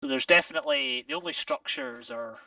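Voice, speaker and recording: High gravelly Scottish man, rambling. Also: fairly even intonation, brisk, sharp tone, dry recording, far from the mic, rough recording. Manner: rambling, self-correcting, laughs often. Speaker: game player. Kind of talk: casual gameplay chat.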